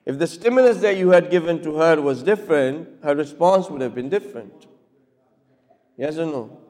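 A man's voice: on the high side, lively intonation, normal speed, darkish tone. A man teaching a class, asking the listeners questions and acting out short examples. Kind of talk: classroom lecture. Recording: long hall reverb.

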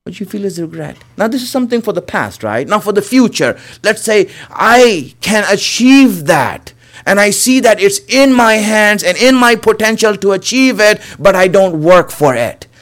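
A man's voice: high-pitched, sing-song, normal speed, a bit bright. A man giving an earnest religious sermon, repeating phrases for emphasis and calling his listeners his friends. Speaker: preacher.

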